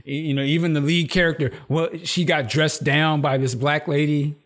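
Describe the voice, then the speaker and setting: A man's voice: on the high side, moderate pace. A man hosting a casual chat, recapping a TV episode with slang and swearing, acting out characters' lines. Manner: animated storyteller who acts out the characters' lines in raised voices. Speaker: podcast host.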